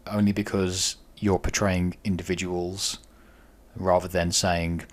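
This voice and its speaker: A man's voice: deep voice, little pitch movement, unhurried. A man co-hosting a podcast in casual discussion, thoughtful and weighing each side of the question. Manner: thoughtful, weighs both sides. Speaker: podcast co-host.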